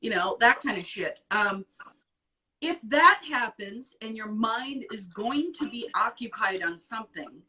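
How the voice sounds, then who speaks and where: A woman hosting an advice show in casual chat, blunt and profane, talking with animated emphasis. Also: fairly high pitch, measured pace, recorded from a distance, rough recording.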